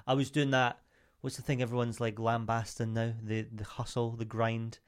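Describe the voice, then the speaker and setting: A man's voice: mid-range voice, little pitch movement, moderate pace, clear, resonant tone. Jokey man in his thirties. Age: 30s. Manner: jokey, self-mocking storytelling. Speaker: podcast co-host. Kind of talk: casual chat.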